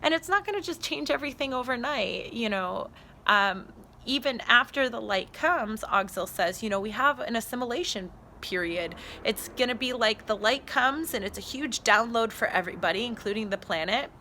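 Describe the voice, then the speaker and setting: A woman's voice: a little high, expressive, moderate pace, pushed and bright, slight background noise. A woman recording a casual spiritual vlog on her phone out on a trail, speaking in an earnest, heartfelt way. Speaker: spiritual channeler. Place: outdoors on a trail.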